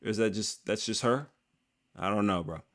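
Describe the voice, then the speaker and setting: A man's voice: lowish voice, moderate pace. A man hosting an MMA video, talking in a casual, rambling, slangy way full of jokes. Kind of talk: casual commentary.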